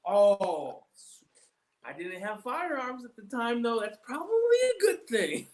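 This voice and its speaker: A man's voice: high-pitched, big pitch swings, unhurried, rough recording. A man hosting a casual chat, telling stories in a loose, profane way. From United States. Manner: profane, storytelling. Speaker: host.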